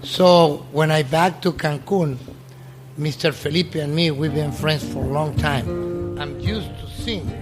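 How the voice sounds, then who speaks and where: A restaurant owner telling a story in casual, halting English, often restarting his sentences. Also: fairly high pitch, fairly even intonation, loud music behind the voice.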